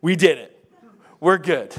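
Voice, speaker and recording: A man's voice: fairly high pitch, animated, unhurried, fairly bright tone, breathy edge, heavily acted. A man voicing a defensive disciple. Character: defensive disciple, adult man, self-justifying.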